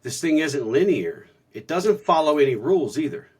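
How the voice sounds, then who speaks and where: Husky-voiced man, earnest storyteller. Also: a little high, big pitch swings, normal speed, a little mellow. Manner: earnest storytelling with many restarts. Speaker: podcast co-host. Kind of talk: reflective casual talk on spirituality.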